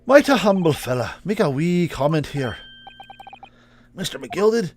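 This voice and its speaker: A man's voice: a little high, sing-song, a little slow, a little hiss or hum, pitched above the performer's own voice. A man voicing a humble, folksy game character who rambles in a lilting way. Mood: sly.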